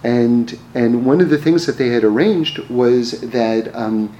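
Man, mid-pitched, relaxed storyteller who stumbles and restarts, recorded in a roomy space with faint background hum. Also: measured pace. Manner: repeats words in restarts, chuckles at his own stories. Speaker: speaker telling personal stories. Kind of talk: casual storytelling talk. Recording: roomy echo, faint ambience.

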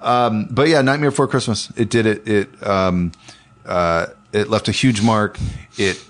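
A man with a fairly low voice chats casually about animated films, swearing freely and tripping over his own restarts. His delivery is loose and enthusiastic. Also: unhurried. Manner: profane, enthusiastic, rambling with restarts. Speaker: animation producer, podcast co-host. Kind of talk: casual chat.

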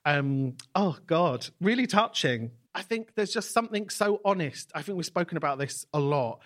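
A man's voice: on the high side, lively intonation, normal speed, a bit bright. A man hosting a live podcast, effusive and reflective. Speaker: podcast host.

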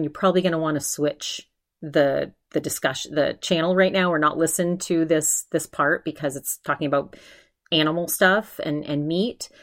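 A woman hosting a solo podcast, chatting casually and retelling stories with lively mimicry and plenty of fillers. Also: lowish voice. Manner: animated retelling, mimics others' voices; chatty, lots of fillers and restarts. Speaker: podcast host.

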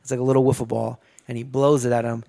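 Speaking quickly in a medium-pitched, creaky yet mellow voice with a level tone, a man casually retells a movie's plot. He swears freely, restarts often, and wanders into asides.

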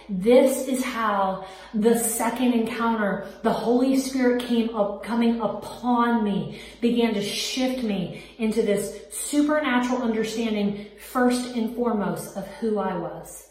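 A woman's voice: mid-range voice, unhurried, darkish tone. A woman podcast host giving a heartfelt, preacher-like personal faith testimony. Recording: very echoey room, distant mic.

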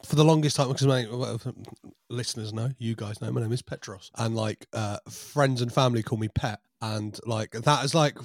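A man co-hosting a podcast, animated and playful, laughing often as he teases. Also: medium pitch, normal speed, no echo, studio quality. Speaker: podcast co-host. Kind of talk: casual podcast chat.

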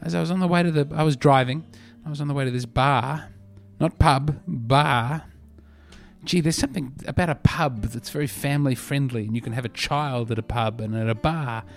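An Australian man hosts a comedy podcast, rambling through meandering stories in a dry, self-mocking way. His medium-pitched voice has vocal fry at a moderate pace, with soft music in the background.

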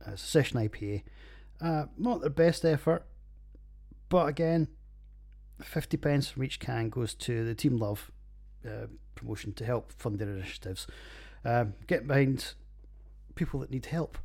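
A Scottish man rambles through his own podcast with a husky, breathy edge to his mid-pitched voice. He's loose and jokey, swears freely and trails off into fillers. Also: moderate pace, a little mellow. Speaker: podcast host reviewing beers. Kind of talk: casual solo podcast chat.

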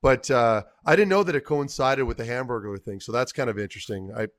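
A man's voice: mid-range voice, quick pace. A man co-hosting a casual sports talk show, telling a long story in a rambling way that keeps trailing off. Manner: rambling, self-correcting, trailing off quietly. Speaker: co-host, former hockey player.

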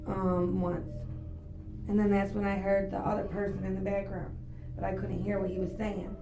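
A woman's voice: mid-range voice, level tone, normal speed, over music. A woman answering as a witness in a recorded police interview, speaking casually and giving brief answers. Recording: echoey interview-room recording.

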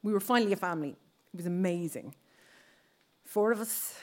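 An Irish woman in her thirties tells a personal story on stage, voicing other people's lines as she goes. Her voice is medium-pitched and a little mellow, and she speaks briskly.

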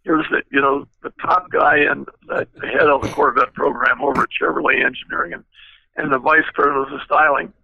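Gravelly older man telling anecdotes. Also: fairly high pitch, fairly even intonation, a little fast, no echo, highs cut off. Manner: rambling anecdotes with many fillers. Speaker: guest car designer. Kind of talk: storytelling interview.

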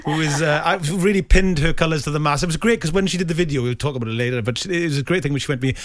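A man hosting a casual radio chat, excitable and quick to laugh. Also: fairly high pitch. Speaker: host.

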